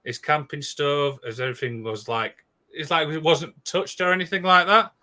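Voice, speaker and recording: Bright, rushed man telling eerie stories. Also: fairly high pitch. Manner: excitable, rushed, with many restarts and "obviously". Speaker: podcast co-host. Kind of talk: casual storytelling chat.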